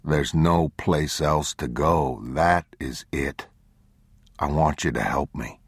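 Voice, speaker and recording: A weary, protective father in a spoken storybook, his voice extremely deep and husky, as a male narrator voices him. He talks slowly, low and steady, calming a frightened child, recorded close and dry. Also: dry recording, heavily acted.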